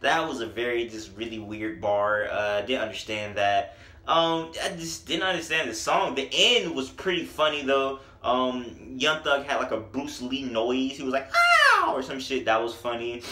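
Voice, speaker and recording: A man's voice: medium pitch, moderate pace, sharp tone, echoey room. A man giving a casual, profane and joking music review.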